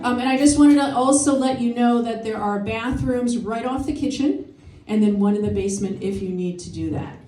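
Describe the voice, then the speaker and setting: Woman comic, forties, warm and chatty, laughs at her own jokes; distant, roomy capture. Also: on the high side, normal speed, few pauses. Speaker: stand-up comedian and emcee. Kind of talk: stand-up comedy set. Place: comedy show venue with live audience. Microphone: no microphone, picked up from afar. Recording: echoey room picked up from a distance.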